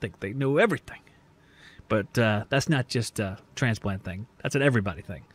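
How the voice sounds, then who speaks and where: A man's voice: fairly low pitch, brisk. A man from the American South hosting a trade podcast in a casual, rambling, joking monologue. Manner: joking, rambling, self-deprecating. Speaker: podcast host.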